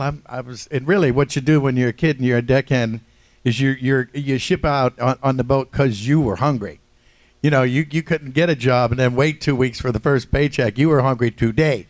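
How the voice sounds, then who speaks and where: An older man from Ohio, a voice actor on a convention panel, tells stories a little fast in a mid-range voice with no room sound. His casual storytelling is joking, self-deprecating and full of laughs.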